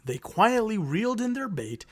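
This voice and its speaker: A man's voice: sits high, sing-song, normal speed, fairly bright tone. A man co-hosting a podcast who reads out a story in casual chat, joking and swearing and laughing often.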